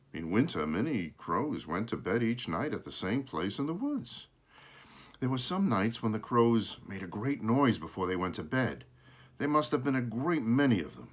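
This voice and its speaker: Animated man reading a children's story. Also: medium pitch. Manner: animated, swooping delivery with casual asides and small self-corrections; shows pictures while reading. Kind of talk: reading a children's book aloud with asides.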